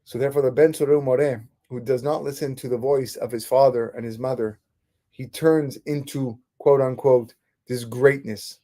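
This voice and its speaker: Mellow-voiced male rabbi teaching. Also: mid-range voice, moderate pace. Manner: animated retelling with many restarts. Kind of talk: Torah class storytelling.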